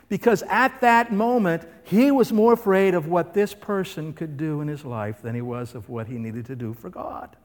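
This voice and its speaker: A man's voice: high voice, a little mellow. Preaching man in an echoing hall. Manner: emphatic, full of rhetorical questions. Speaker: pastor. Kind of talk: sermon. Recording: reverberant hall.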